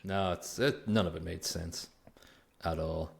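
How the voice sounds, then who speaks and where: Low gravelly man reviewing a film. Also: steady tone, a little slow. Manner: dry, rambling recaps with frequent restarts. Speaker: podcast co-host. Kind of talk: casual film review chat.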